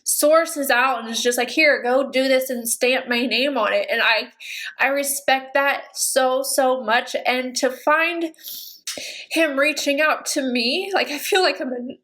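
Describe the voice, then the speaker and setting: Woman, 30s, beauty vlogger, tearful and emotional, high-pitched casual delivery. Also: unhurried, fairly bright tone. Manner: emotional, teary and gushing. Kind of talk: casual talk to camera.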